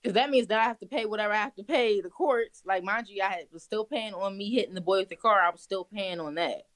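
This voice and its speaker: A woman's voice: mid-range voice, quick pace, a bit bright. A young woman telling wild stories in casual, profane chat, laughing as she goes. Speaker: guest. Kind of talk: casual storytelling.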